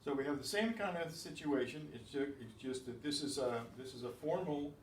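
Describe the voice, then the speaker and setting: A man teaching a beginners Spanish class, explaining patiently with slow, repeated examples. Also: on the high side, a little hiss or hum. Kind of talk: classroom lesson. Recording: echoey room, distant mic.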